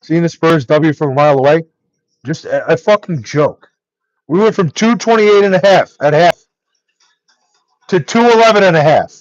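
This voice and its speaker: A man's voice: on the high side, lively intonation, normal speed, pauses often, dry recording, muffled recording. A young man angrily ranting on a live stream, swearing nonstop and exasperated. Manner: angry, profane ranting.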